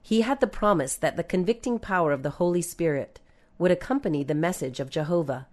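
In scripted narration of a religious book, a female reader keeps a measured delivery and softens and lowers her voice whenever she reaches scripture references.

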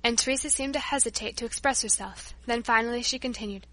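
Brief: a woman narrating a story, bright high voice, measured and steady. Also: dry recording. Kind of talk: scripted narration.

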